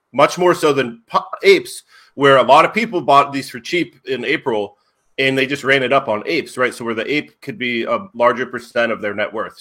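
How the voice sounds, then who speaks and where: Co-host, a man with a bright voice, talking a listener through his reasoning. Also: mid-range voice. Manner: explanatory, thinking aloud with fillers. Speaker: podcast co-host. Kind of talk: casual chat.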